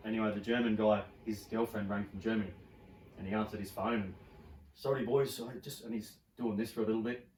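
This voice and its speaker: A middle-aged Australian man tells stories on a podcast at a quick clip, in a fairly low voice. He is animated and swears freely as he chats. The sound is roomy and a little distant from the mic. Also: a little hiss or hum. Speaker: podcast guest. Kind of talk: casual storytelling chat.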